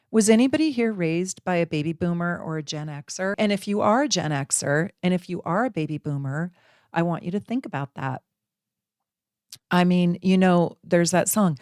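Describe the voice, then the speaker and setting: Host, woman, 40s: low, dusky voice, close and dry, chatty and animated with her audience. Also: no room sound. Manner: animated, repetitive, chatty with viewers. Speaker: astrology channel host. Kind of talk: casual direct-to-camera talk.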